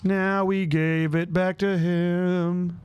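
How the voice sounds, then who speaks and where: A man's voice: high-pitched, little pitch movement, extremely slow, smooth, dull audio. A man streaming a game, talking to himself in a casual, muttering way and humming now and then. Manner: talks to himself while playing, muttering and humming. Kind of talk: casual gameplay commentary.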